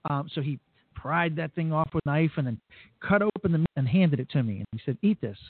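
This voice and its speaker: A man's voice: a little high, animated, quick pace, no echo. A man hosting a radio show on location at a resort, chatting casually and enthusiastically, rambling a little. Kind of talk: casual on-air chat. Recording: tinny phone-like radio sound, dry.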